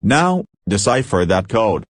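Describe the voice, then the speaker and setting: A man's voice: on the low side, big pitch swings, slow pace, dry recording, clean studio sound, exaggerated voice. A man voicing a pompous, self-important male alien leader who issues commands. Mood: commanding. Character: pompous giant-brained male alien leader, easily alarmed.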